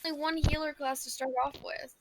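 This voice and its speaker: A woman's voice: sits high, level tone, brisk, a little hiss or hum. A woman bantering with her spouse during a game stream, teasing him and swearing freely. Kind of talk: casual banter.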